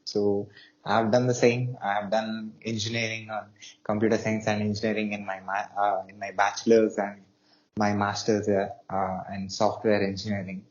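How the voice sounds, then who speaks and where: A male host in a casual interview, talking hesitantly with many pauses and fillers. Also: on the low side, little pitch movement, lo-fi sound.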